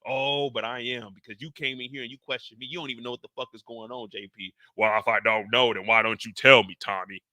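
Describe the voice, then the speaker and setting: A man voicing a gruff, secretive street tough who curses and brushes off questions. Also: mid-range voice, steady tone, quick pace, hardly any pauses, bright, forceful tone, no room sound. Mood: defensive.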